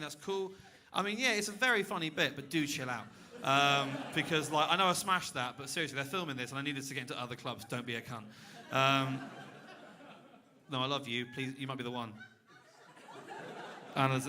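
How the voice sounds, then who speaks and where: A man's voice: mid-range voice, bright, forceful tone. A young man doing a stand-up set on a club stage, dry and self-mocking, chatting with the crowd. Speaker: stand-up comedian. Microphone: handheld stage mic.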